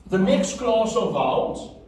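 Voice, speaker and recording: High-pitched and sing-song, this man's darkish voice moves unhurriedly as he lectures a class on Biblical Hebrew. He checks that his students follow along and repeats the important words. Faint room noise and heavy echo make the recording sound far away.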